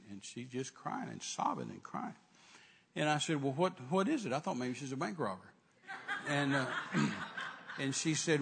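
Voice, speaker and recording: An older man preaching a sermon, telling a folksy story that swings from hushed to shouting. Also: mid-range voice, expressive, normal speed, vocal fry, pauses often, husky.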